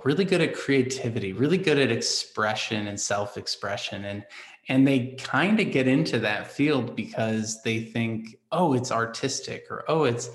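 A male host with a mid-range voice keeps the conversation relaxed and chatty. His sentences ramble a little, with fillers along the way. The recording has a noticeably echoey room sound. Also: mid-range voice. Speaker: podcast host. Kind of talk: conversational interview.

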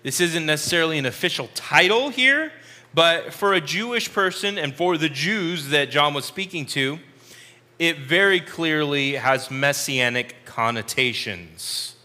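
Male Bible study teacher, slow and deliberate, bright tone, long hall reverb. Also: a little high, expressive. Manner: slow, deliberate explaining with repeated phrases.

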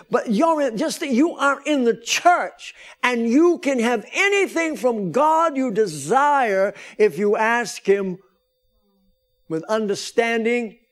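A man preaches to his congregation in a high voice, pushing his lines upward into shouts and calling for amens. He keeps his delivery fervent as he drives each point home. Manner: preaching with rising, shouted emphasis and calls for amens. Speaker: pastor. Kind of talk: sermon.

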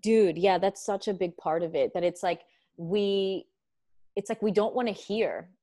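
A woman's voice: mid-range voice, a little slow, dark tone. A young woman hosting a podcast, chatting casually and animatedly, swearing often and acting out quotes. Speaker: podcast host. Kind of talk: casual chat.

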